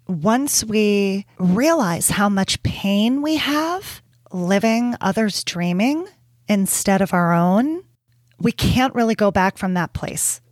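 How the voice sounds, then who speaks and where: A woman in her forties hosts her own podcast, delivering a candid, heartfelt reflective monologue, laughing often and swearing casually. Her voice is mid-range, with no room sound.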